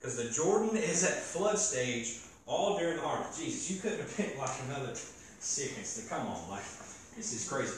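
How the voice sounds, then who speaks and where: An animated man preaching a casual sermon and joking with his listeners. His voice sits fairly high and is picked up from a distance. A big, echoey hall with a faint hiss surrounds him. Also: a little fast. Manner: animated, joking, talks to the crowd. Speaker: youth preacher. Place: church gathering hall.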